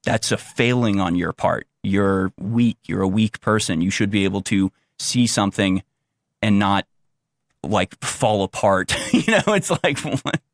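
A young man with a somewhat low voice talks through an unscripted commentary monologue, tripping over restarts and fillers. His tone is sarcastic and mocking toward the views he quotes. The recording is dry, with no room sound. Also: lively intonation, a little slow, dry recording. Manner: rambling with many restarts and fillers. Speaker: political commentator.

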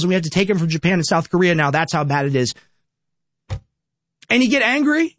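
Young male host, high voice, dry mic, emphatic ranting commentary with stacked rhetorical questions. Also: no room sound. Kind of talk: opinionated political commentary.

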